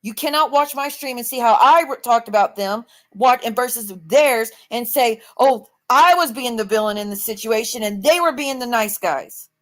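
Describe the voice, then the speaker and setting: A woman hosting a livestream argues defensively, swearing as her anger builds into outbursts. Her voice is on the high side, at a moderate pace with hardly any pauses.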